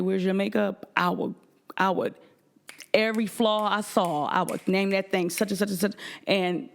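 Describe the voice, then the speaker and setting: A woman's voice: on the low side, creaky, a little mellow. A woman in her forties hosting a faith-based advice talk, speaking frankly and confidingly to her listeners. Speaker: podcast host.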